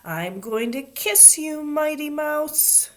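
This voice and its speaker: A woman voicing a bold, determined little girl who talks in a shrill, insistent way. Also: very animated, a little slow. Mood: gleeful.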